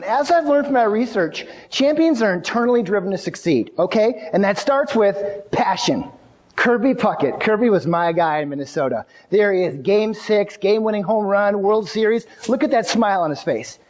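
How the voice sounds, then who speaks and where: A man's voice: high voice, normal speed. A middle-aged man delivers a motivational keynote to a live audience. He tells stories with energy, asks the crowd questions and speaks up to fill the space. A long reverb trails his voice around the large hall. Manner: energetic storytelling, addresses audience directly.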